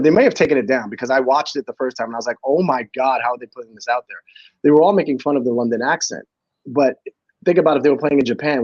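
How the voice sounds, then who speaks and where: Man, 50s, sports analyst guest, easygoing, mid pitch, dull dry remote sound. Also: darkish tone, dry recording. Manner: easygoing, laughs along. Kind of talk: casual sports talk.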